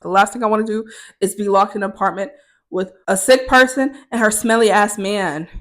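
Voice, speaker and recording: A woman's voice: mid-range voice, steady tone, a little fast. A young woman telling a story in a vlog, candid and profane, getting more heated as she goes. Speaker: vlogger.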